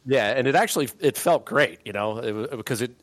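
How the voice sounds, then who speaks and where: A man telling a story in relaxed, casual chat with friends. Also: medium pitch, a little fast, no room sound.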